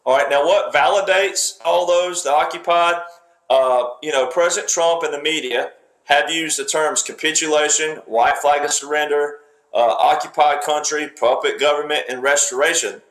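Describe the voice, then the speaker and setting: A man's voice: on the high side, fairly even intonation, moderate pace, fairly bright tone. A man giving political commentary in an emphatic, lecturing way, repeating himself and talking in fragments. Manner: emphatic, repetitive, speaks in fragments. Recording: roomy echo.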